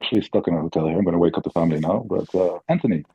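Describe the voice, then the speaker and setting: A man's voice: sits low, rapid-fire, gravelly, mellow, slightly rough, no echo, dull audio. A man speaking from a hotel room over a remote call, asking the show's question in a teasing, jokey way.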